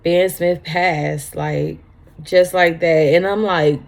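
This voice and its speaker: A woman in her thirties speaks slowly, her voice carrying a gravelly fry. She tells a personal story for her vlog in a halting, tearful way, breaking into tears at times and repeating her words. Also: on the low side, steady tone. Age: 30s. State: crying at times. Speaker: vlogger.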